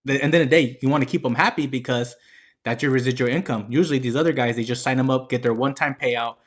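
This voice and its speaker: Casual mid-pitched male interviewer. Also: quick pace. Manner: casual, repeats himself for emphasis. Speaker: host, interviewer.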